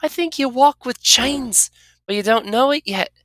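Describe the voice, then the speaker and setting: A player voicing a prickly young tiefling woman, gruff and defensive. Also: mid-range voice, moderate pace, fairly bright tone, no room sound, voice pushed up, natural voice. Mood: worried. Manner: gruff, defensive, inverted word order. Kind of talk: reading game dialogue aloud.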